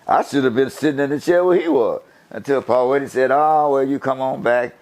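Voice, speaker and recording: An older man from the USA telling stories in a casual interview, animated and profane, laughing as he talks. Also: medium pitch, brisk. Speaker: guest storyteller.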